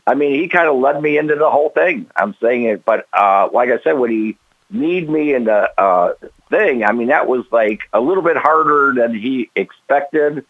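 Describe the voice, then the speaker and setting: A man's voice: medium pitch, expressive, moderate pace, no room sound. Older man rambling over a tinny phone line. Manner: rambling, keeps adding "okay?" and "like I said". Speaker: guest. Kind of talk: casual interview.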